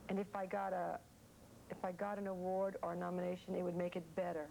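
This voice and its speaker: A woman in her forties talks through interview questions in a loose, rambling way, full of "you know". Her voice sits a bit low, with a faint hiss on the tape. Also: monotone, quick pace, vocal fry, mellow, poor audio. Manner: rambling, chatty, many fillers. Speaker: interviewee, actress. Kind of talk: casual interview answers.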